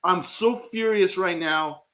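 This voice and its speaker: A man's voice: high voice, slow, pushed and bright. A man co-hosting a live fan stream, reacting to the game with angry, profane ranting and frequent restarts.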